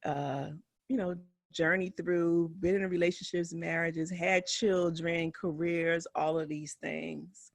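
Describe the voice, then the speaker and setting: A woman's voice: on the low side, takes it slowly, creaky, no echo. A woman in her forties from West Philadelphia, co-hosting a casual podcast chat, telling stories with lots of laughter and acted-out quotes. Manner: animated storytelling, laughs often, acts out quotes. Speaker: podcast co-host, physician.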